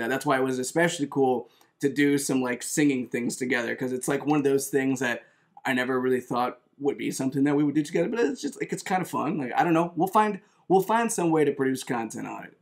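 A young man hosting his own video, chatting casually with a friend in an animated, self-mocking way. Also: mid-range voice, a little fast. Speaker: YouTuber host. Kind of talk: casual chat.

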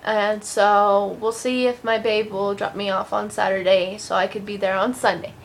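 A woman's voice: mid-range voice, level tone, moderate pace, gravelly, a little hiss or hum. A young woman chatting casually in a home vlog, rambling with lots of ums and a loose, sweary way of talking. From Colorado, USA. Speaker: vlogger.

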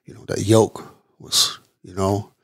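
A middle-aged man from the Midwest of the United States, telling his personal story as a podcast guest in an earnest, halting way, repeating words as he goes. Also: fairly low pitch, flat delivery, a bit bright, no echo, clean studio sound. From East Chicago, Indiana. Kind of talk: personal testimony interview.

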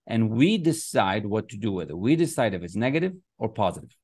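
A man's voice: lowish voice, sing-song, fairly quick, a little mellow, dry recording. A man teaching a motivational class, speaking emphatically and often repeating phrases and affirmations. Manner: emphatic and repetitive, chanting affirmations. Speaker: success coach. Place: online class, writing on screen with a mouse.

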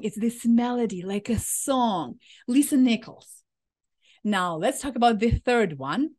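A woman in her thirties coaching an audience on speaking style, her voice sitting a little high. She talks with fiery enthusiasm, pushing words hard and swinging her delivery for emphasis. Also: a little mellow. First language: Ukrainian. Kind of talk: motivational talk.

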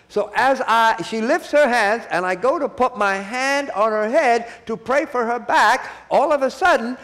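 A man's voice: very high voice, fairly bright tone. A man preaching a sermon at a church conference, repeating key phrases and calling for the audience to answer back.

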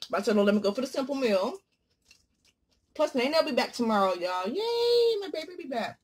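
A woman vlogger talking casually while she eats, joking and swinging from loud exclamations to low murmurs. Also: expressive, quick pace, breathy edge. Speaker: mukbang vlogger. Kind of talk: casual chat while eating.

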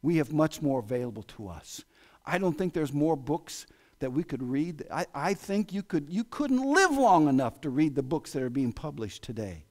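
Male pastor, American, slightly high voice, lively dynamic sermon delivery. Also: moderate pace. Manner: animated preaching, voice swinging from loud exclamations to hushed asides. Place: church sanctuary.

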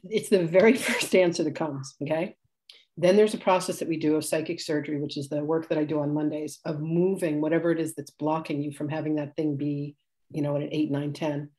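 A woman in her sixties with a low, mellow voice teaches a live spiritual class. She talks in a chatty, rambling way, laughing often and correcting herself as she tells stories. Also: fairly even intonation, fairly quick. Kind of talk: live class demonstration, casual storytelling.

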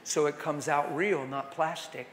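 A middle-aged man preaching at a conference, telling a story in a conversational way that swings from hushed to loud. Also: on the high side, steady tone, a little slow. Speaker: conference speaker. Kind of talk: storytelling sermon. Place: large conference hall. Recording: echoey hall with long reverb.

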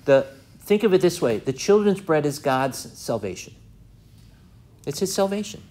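A man's voice: on the high side, lively intonation, normal speed, a little mellow. A man teaching a Bible study class in a conversational way. He reads out verses, asks the class questions and acts out the people in the story.

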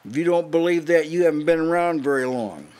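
A man's voice: on the high side, fairly quick, a little mellow. An older man preaching a sermon at a house church meeting, emphatic and challenging, often restarting his sentences.

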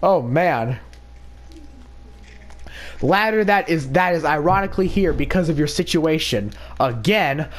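A man's voice: a little high, animated, measured pace, pauses often. A man voicing a goofy, easygoing male cartoon dog in a Minecraft role-play, hesitant and stammering. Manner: hesitant, stammering, easily confused.

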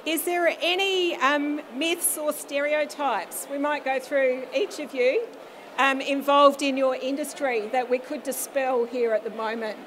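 A woman's voice: high voice, fairly even intonation, a little slow, a bit bright, a little hiss or hum. A woman moderating a panel discussion in a friendly, conversational way.

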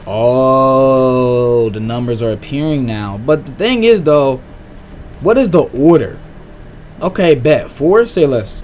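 Excitable young man, slangy gaming commentary. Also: fairly high pitch, slow pace, soft background music. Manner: excitable and slangy, reacting loudly to scares. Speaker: gaming YouTuber. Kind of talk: let's-play commentary.

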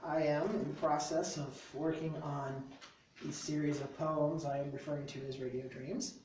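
A woman's voice: low voice, fairly even intonation, moderate pace, darkish tone, slight background noise. Woman reading her poems at an open mic, rhythmic punchy delivery, super echoey, sounds far from the mic. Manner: rhythmic, emphatic recitation. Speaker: spoken word poet. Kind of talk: spoken word poetry reading. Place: small live venue.

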